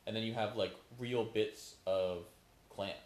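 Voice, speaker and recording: A man's voice: lowish voice, steady tone, a little slow. Rambling opinionated man in an echoey room. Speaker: podcast co-host. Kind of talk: casual chat.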